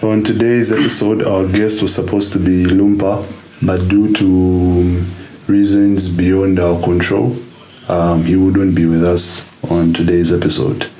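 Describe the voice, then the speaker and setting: Laid-back podcast co-host, roomy sound. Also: male voice, low voice, unhurried, recorded from a distance. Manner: relaxed, laughing, loose storytelling. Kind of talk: casual podcast chat.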